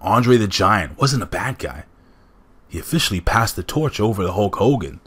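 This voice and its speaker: A man's voice: on the low side, expressive, moderate pace, fairly bright tone, husky. A man hosting a casual countdown commentary, talking enthusiastically and straight to his viewers. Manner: enthusiastic, addresses viewers directly. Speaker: host.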